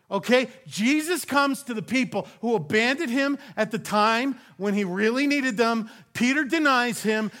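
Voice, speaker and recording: A middle-aged man from Louisiana preaching a sermon as a pastor, conversational with joking asides, at times dropping to a hushed intensity. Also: sits high.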